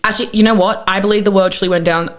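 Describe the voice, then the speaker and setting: A woman's voice: mid-range voice, fairly even intonation, rapid-fire. A young Australian woman with an Australian accent, chatting cheekily as a podcast guest and telling stories. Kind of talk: casual chat.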